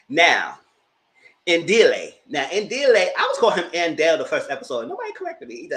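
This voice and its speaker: A man casually recapping a reality TV show, retelling scenes with animated quoted voices. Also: a little fast, poor audio. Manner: animated retelling, jumps into high squealing voices when quoting others. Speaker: commentator.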